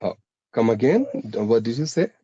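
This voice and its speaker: A man with a blended Indian English accent, tinged with American and British sounds, talks at an ordinary pitch in a dry, close-sounding room. He explains things steadily, pausing often on fillers and restarting his phrases. The delivery feels like an unscripted conversation. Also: sing-song, dark tone, slightly rough, no echo, dull audio. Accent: Indian English, mixed with American and British. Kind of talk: casual conversational interview.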